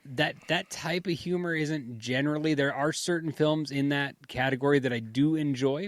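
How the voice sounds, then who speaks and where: A man's voice: fairly high pitch, fairly even intonation, moderate pace, hardly any pauses, dry recording. Hesitant, casual male podcast host. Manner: hesitant, filler-heavy talk.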